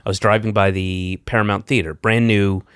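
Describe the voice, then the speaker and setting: A man's voice: on the low side, flat delivery, moderate pace, fairly bright tone, smooth, dry recording. A man hosting a casual podcast chat, dry and wry, rambling with lots of fillers. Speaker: podcast host. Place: New York.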